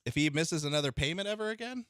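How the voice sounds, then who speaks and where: A man's voice: on the high side, expressive, fast talker, a bit bright, clear, resonant tone, no room sound, clean studio sound. A man co-hosting a radio show, chatting casually and playfully giving advice. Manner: playful, joking, confident.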